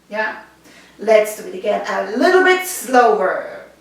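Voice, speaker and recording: A woman's voice: mid-range voice, big pitch swings, unhurried, creaky. A woman with a Swiss German accent teaching body percussion, patiently counting rhythms aloud and checking in with her listeners. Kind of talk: instructional video lesson. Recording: very echoey room, distant mic, faint noise.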